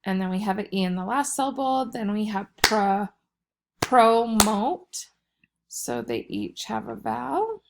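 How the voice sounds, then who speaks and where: A woman teacher talking through a recorded vocabulary lesson for young students. She explains each word slowly and patiently, at an everyday middle pitch. A gravelly fry runs under her voice. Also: sing-song, slight background noise.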